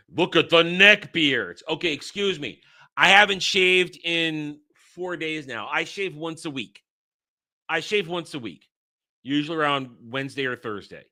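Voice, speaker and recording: A man's voice: fairly high pitch, bright, forceful tone. A man hosting his own channel, ranting in a casual, exasperated and mocking way, often repeating and restarting his words. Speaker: host. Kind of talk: casual commentary rant.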